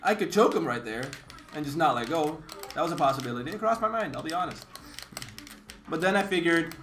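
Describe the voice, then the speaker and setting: A young man streaming a casual storytime rant. He talks in an animated, exasperated way, swears freely and acts out the other people in the story. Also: on the high side, fairly quick, pauses often, faint music behind. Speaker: competitive gamer streamer.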